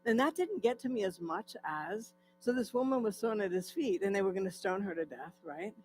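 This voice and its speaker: Woman telling her own story at church, middle-pitched voice, acts out what people said, gets earnest and teary. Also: animated, a little fast, darkish tone, faint music behind, rough recording. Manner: vivid storytelling, acting out quoted voices; tearful and earnest in places. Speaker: guest speaker sharing her recovery story. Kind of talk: personal testimony talk.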